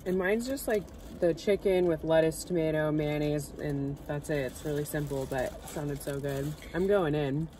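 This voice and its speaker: A woman's voice: low voice, moderate pace, hardly any pauses, mellow, poor audio. A woman talking casually about her food, humming with pleasure between bites and dropping 'like' often. She sits in a parked car with a faint hum of traffic outside. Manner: easygoing, hums and says 'like' a lot. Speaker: co-host of a food channel. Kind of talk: casual mukbang chat while eating.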